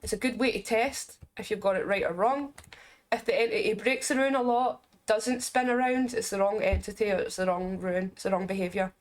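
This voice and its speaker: A woman with a Scottish accent giving casual gameplay commentary as a game reviewer, chatty and explaining as she plays, with quick asides and jokes. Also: mid-range voice.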